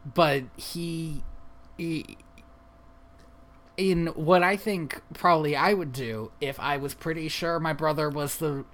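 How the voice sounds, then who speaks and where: A man's voice: a little high, slow pace, fairly bright tone. A man retells a film's plot in a loose, wry way to a friend. He laughs at his own lines and leans on fillers as he goes. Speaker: podcast co-host. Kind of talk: casual movie recap chat.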